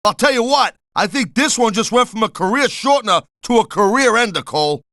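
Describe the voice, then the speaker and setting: A man's voice: high voice, expressive, fairly quick, fairly bright tone, no echo, studio quality. A middle-aged man doing color commentary for a wrestling video game, blunt and wisecracking with tough-guy slang.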